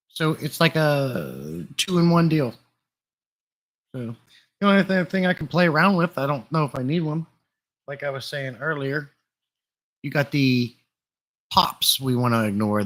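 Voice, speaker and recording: A man hosting a casual live stream, chatting in a relaxed way and greeting viewers by name, recorded on a desktop mic in a room full of glass fish tanks. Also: fairly high pitch, unhurried, long pauses. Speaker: livestream host. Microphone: desktop USB condenser mic.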